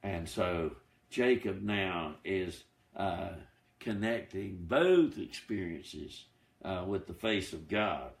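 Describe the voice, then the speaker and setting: A man teaching an informal Bible study, in a chatty, unhurried way with many fillers and restarts, now and then quoting scripture. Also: deep voice, animated, creaky, reverberant.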